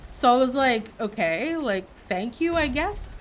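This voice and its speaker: A woman in her thirties from Quebec, a streamer telling a story to her chat in a casual, animated way. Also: high voice, unhurried, slight background noise. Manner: animated, acts out quoted voices.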